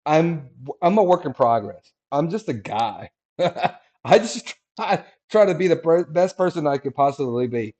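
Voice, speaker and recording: Middle-aged male podcast host, lively pitch, lots of laughs, casual. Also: measured pace. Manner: animated, laughs often, restarts sentences. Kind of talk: casual chat.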